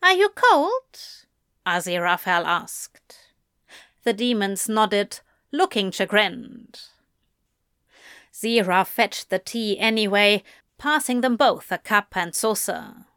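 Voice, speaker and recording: A woman narrating a fan fiction story aloud with measured, expressive delivery. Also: medium pitch, clean tone, dry recording, clean studio sound. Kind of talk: audiobook reading of fan fiction.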